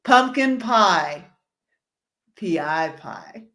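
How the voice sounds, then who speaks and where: A woman's voice: mid-range voice, animated, extremely slow, a bit bright. A woman hosting a casual livestream, reading viewer comments aloud and laughing along in a chatty way. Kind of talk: casual live-stream chat.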